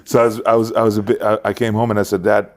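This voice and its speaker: A man's voice: fairly low pitch, flat delivery, racing. A young man co-hosting a casual podcast, joking and rambling with many fillers. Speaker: podcast co-host. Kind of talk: casual chat.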